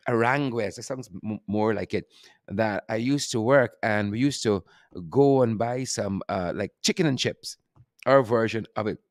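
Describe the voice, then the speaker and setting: A man's voice: lowish voice, no echo, clean studio sound. A middle-aged Guyanese man hosting a casual live stream, teasing playfully, laughing often and reading out viewer names. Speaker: host.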